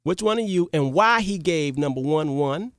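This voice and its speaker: A radio talk show host retelling a parable to listeners, animated and repetitive, checking in with the audience. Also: medium pitch, normal speed, no echo, studio quality.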